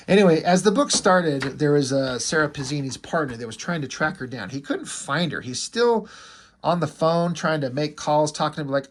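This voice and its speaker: A man's voice: medium pitch, sing-song, a little fast. A man casually recapping a comic book issue, chatty and loose, swearing now and then and acting out what the characters say.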